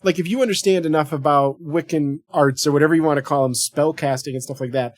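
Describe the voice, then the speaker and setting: A man's voice: fairly high pitch, fairly even intonation, fast, dry recording, studio quality. A man co-hosting a podcast in casual movie chat, jokey and swearing freely. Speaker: podcast co-host.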